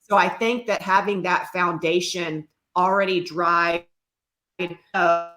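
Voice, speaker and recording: A woman's voice: on the low side, steady tone, slow pace, fairly bright tone, echoey room. A woman guest on a talk show, earnestly telling the story of her grief and faith in a reflective way.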